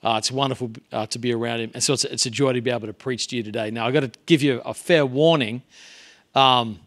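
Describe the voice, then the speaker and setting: A man's voice: mid-range voice, steady tone, quick pace, a bit bright. A man preaching a sermon as a visiting pastor in a church, earnest and conversational. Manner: earnest, conversational, varying pace and volume. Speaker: guest preacher.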